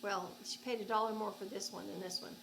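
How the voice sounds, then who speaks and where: A woman's voice: mid-range voice, fairly even intonation, fast talker, creaky, a bit bright, a little hiss or hum, poor audio. A woman with an Oklahoma accent, chatting casually and gushing as she unboxes yarn at home for her crochet vlog. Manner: chatty, gushing, thinks aloud. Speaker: crochet vlogger.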